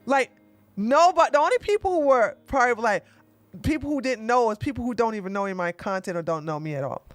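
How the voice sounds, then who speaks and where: Brief: bright-voiced woman livestream host, exclamatory chatter, dry close mic. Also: fairly high pitch, expressive, quick pace, no echo, soft background music. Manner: chatty, exclamatory, thanks viewers by name. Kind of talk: casual livestream commentary.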